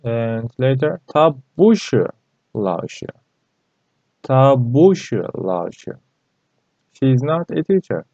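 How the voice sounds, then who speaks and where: A man gives a language lesson at a slow, careful pace. He repeats each phrase and fills the pauses with hesitant fillers. The recording is dry and dull, lo-fi with little room sound. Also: medium pitch, very animated, warm tone, dry recording. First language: Turkish. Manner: halting and repetitive, many fillers. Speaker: Chinese language teacher.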